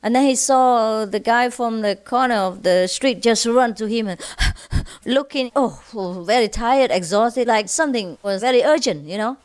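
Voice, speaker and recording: A woman's voice: on the high side, a little slow, clear, resonant tone. A woman spiritual teacher telling humorous stories to a group, playful and often laughing. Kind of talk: humorous storytelling lecture.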